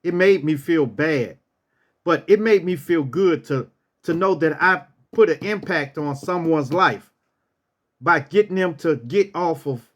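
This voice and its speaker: Animated man telling a story. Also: a little high. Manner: animated, acts out what people said, repeats phrases. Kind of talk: casual storytelling.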